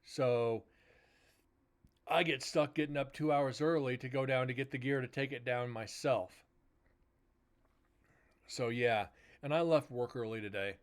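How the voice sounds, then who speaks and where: Chatting with stream viewers, a weary host recounts a work dispute, sprinkling in fillers and curses. He speaks unhurriedly in a mid-range voice with long pauses.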